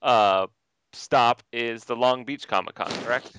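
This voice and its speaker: A man's voice: mid-range voice, measured pace, a bit bright, slight background noise. A man hosting a podcast, opening with a showman's greeting and joking with his guests in casual chat. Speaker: podcast host.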